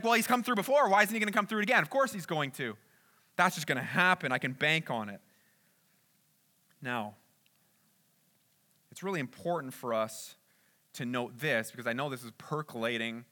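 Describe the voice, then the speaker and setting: A man preaching a sermon in an earnest way, rising to loud urgent peaks and dropping to soft, hushed stretches. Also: fairly high pitch. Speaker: pastor.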